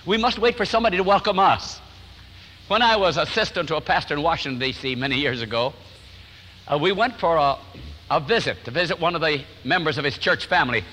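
A man's voice: fairly high pitch, fairly quick, big-room sound, a little hiss or hum, rough recording. An older man preaching a sermon in a church sanctuary, telling stories and acting out what people said. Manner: warm storytelling, acts out quotes, chuckles often. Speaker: pastor.

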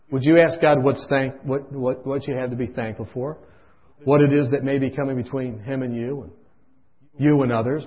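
With a medium pitch and moderate pace, this preacher delivers an impassioned sermon that moves from quiet storytelling to loud pleas. The recording sounds dull and lo-fi.

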